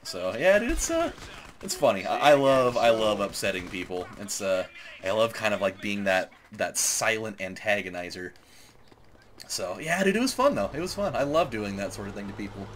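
A man's voice: fairly low pitch, very animated, normal speed. A man hosting a let's play, telling rambling stories over gameplay and laughing often. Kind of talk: casual gameplay commentary.

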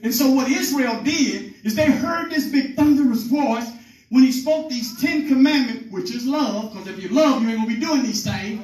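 High-voiced preacher man teaching loosely. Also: normal speed, darkish tone. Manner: informal, calls on the congregation, retells scripture in plain talk. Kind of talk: teaching sermon. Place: meeting room with a congregation. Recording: echoey room, voice from far off.

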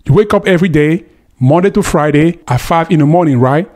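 Emphatic higher-voiced male host. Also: a little fast, darkish tone. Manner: emphatic, addresses viewer directly. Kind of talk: commentary monologue.

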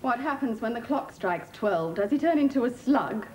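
An actress playing a crisp, dryly witty personal assistant in a studio sitcom. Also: female voice, a little high, lively intonation, moderate pace, heavy background noise, close to an everyday voice. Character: dry, witty young woman personal assistant Emma. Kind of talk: 1980s studio sitcom acting. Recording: roomy studio.

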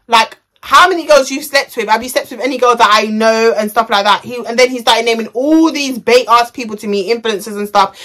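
A woman's voice: a little high, fairly bright tone. A young woman telling a story on her vlog in a chatty, slangy, rambling way. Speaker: vlogger.

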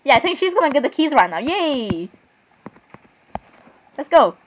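Young female gamer, chatty and excitable, slightly high voice, casual play-by-play. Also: unhurried, a little hiss or hum, rough recording. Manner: chatty, excitable, keeps saying "I'm sorry" and "literally". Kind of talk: casual gameplay commentary.

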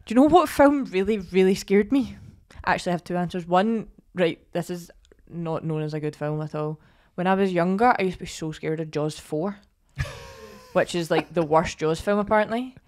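A Scottish woman co-hosting a podcast in casual chat, talking freely with lots of fillers and lively storytelling. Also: lowish voice, normal speed. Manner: chatty, filler-heavy, animated storytelling. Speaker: podcast co-host.

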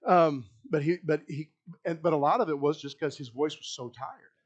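A male pastor giving a sermon, talking in a halting, rambling way with many restarts, often dropping to a soft, low voice as he reflects. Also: lo-fi sound.

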